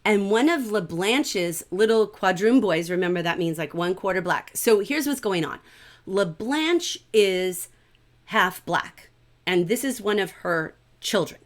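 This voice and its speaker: A middle-aged woman teaching a livestreamed literature class in an animated, conversational way, often checking in with "right?". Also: medium pitch, unhurried.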